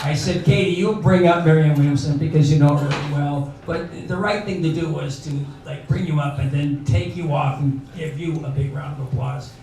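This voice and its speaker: A man's voice: on the high side, fairly even intonation, moderate pace, few pauses. A man in his late seventies hosting a comedy benefit on stage, in a rambling, folksy way full of fillers. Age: older. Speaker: emcee. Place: bar venue. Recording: echoey bar, far mic, crowd noise.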